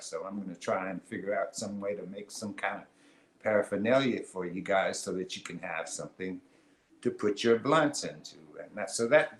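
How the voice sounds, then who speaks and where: Low-voiced man rambling in an echoey room. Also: slight background noise. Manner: relaxed, rambling storyteller with many fillers. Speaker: show host. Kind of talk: casual livestream chat.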